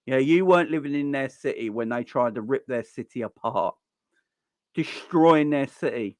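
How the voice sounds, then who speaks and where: Guy ranting about football stuff, keeps repeating himself, mid-pitch voice, dry close sound. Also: normal speed, no room sound. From London. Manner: heated, repetitive, stammering restarts, rising to near-shouts. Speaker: football channel host. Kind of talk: passionate ranting monologue.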